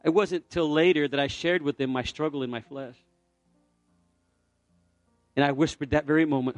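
A middle-aged male pastor delivers a sermon, telling a personal story before urging his congregation to respond. His voice sits fairly high, and he keeps moving between relaxed storytelling and passionate exhortation. The mic is close and dry, with soft music playing underneath. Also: moderate pace, pauses often, no room sound. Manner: storytelling, building to fervent exhortation. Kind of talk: sermon with altar call. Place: church sanctuary.

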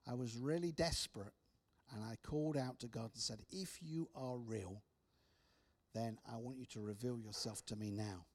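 A man preaching, telling personal stories with restarts and soft, hushed drops. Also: medium pitch, moderate pace. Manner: storytelling with repeated restarts, soft dramatic drops. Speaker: speaker. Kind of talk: preaching testimony.

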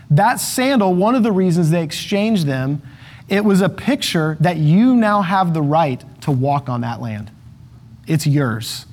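A man's voice: sits high, darkish tone. A man preaching an expository sermon, repeating lines for emphasis and acting out the quotes he reads.

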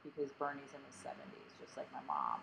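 A woman's voice: very deep voice, big pitch swings, fast, creaky, fairly bright tone, slight background noise, low-quality recording. A woman from Delaware County co-hosting a casual podcast, rambling with lots of fillers and a grating, self-mocking tone. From Delaware County, Pennsylvania. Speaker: podcast co-host.

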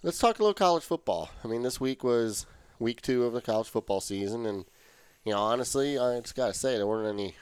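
A man's voice: medium pitch, expressive, fast, smooth, no room sound. A man hosting a casual sports podcast, trading easygoing, joking banter with his brother. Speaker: podcast host.

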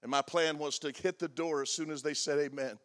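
A man in his sixties preaches a personal, confessional sermon. His voice sits a little high for a man. He swings from loud, emphatic declarations to quiet, almost whispered lines. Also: fairly even intonation, brisk. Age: 60s. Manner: confessional, shifting from loud emphatic to hushed and soft. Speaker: pastor.

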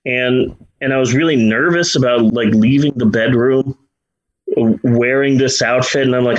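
A man's voice: mid-range voice, moderate pace, low-quality recording. A middle-aged man hosting a podcast, chatting casually in a rambling, self-deprecating way with many restarts. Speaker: podcast host. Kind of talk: casual chat.

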